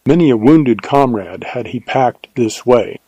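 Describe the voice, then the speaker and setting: Mellow male audiobook narrator. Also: medium pitch, slightly rough, no room sound, highs cut off. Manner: measured, even storytelling. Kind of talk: scripted narration of a western novel.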